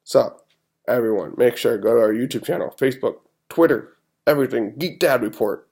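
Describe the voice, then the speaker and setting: A man's voice: medium pitch, brisk, vocal fry, darkish tone, slightly rough. A man hosting a podcast, giving his football picks in a casual, rambling way with an exasperated fan's restarts. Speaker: podcast host. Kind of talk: casual sports-picks talk.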